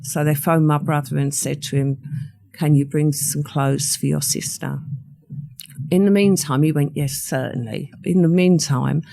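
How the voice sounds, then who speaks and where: A woman's voice: low voice, steady tone, measured pace, gravelly, warm tone. An older woman, a podcast guest recounting a personal story in conversation and acting out what others said. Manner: vivid storyteller who acts out what others said.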